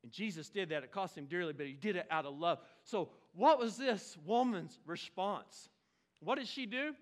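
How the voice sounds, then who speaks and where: A man, preaching a lively sermon with exclamations and playful asides. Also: very high voice. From Oklahoma. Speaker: pastor.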